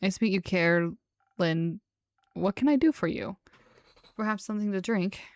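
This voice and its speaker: A woman's voice: medium pitch, normal speed, darkish tone, dry recording, lightly acted. A woman voicing a curious adventurer who speaks politely and formally, asking question after question.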